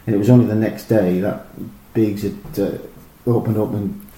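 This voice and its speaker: Low, mellow man telling rambling anecdotes. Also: normal speed. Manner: rambling, animated, lots of fillers and restarts. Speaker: former professional footballer, guest. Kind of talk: casual anecdotal storytelling. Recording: roomy echo with faint noise.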